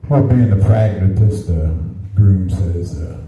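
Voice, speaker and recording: A man's voice: low-pitched, measured pace, few pauses, narrow, tinny audio. A man doing stand-up, telling crude jokes with dry punchline delivery. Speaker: stand-up comedian. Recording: echoey room, distant mic, faint noise.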